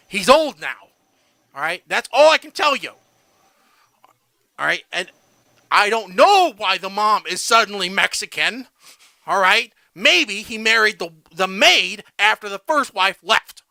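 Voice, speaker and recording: A man's voice: sits high, animated, measured pace, gravelly, pushed and bright, dry recording. A man co-hosting a casual podcast, ranting and tagging his points with "all right?". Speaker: podcast co-host.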